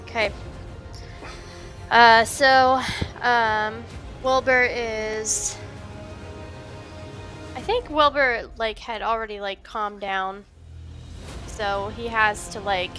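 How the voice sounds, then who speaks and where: A woman's voice: fairly high pitch, steady tone, slow, long pauses, music in the background. A woman playing in a tabletop game, talking thoughtfully and with some hesitation about her character. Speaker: player. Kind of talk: casual tabletop game play.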